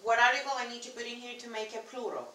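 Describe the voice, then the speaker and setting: A woman's voice: fairly high pitch, fast, bright, forceful tone, slight background noise. A woman teaching a Spanish class in English with a Spanish accent, patiently repeating key words. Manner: patient, repeats key words, writes on board while talking. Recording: echoey classroom from far off.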